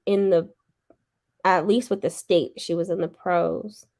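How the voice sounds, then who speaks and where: A woman chatting casually on a livestream, telling relaxed stories between short agreeing replies. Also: on the low side, measured pace.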